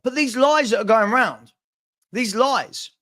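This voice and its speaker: A man's voice: very high-pitched, unhurried, bright, forceful tone. A man hosting a football channel, venting on a live stream with stammering restarts and repeated phrases. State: frustrated.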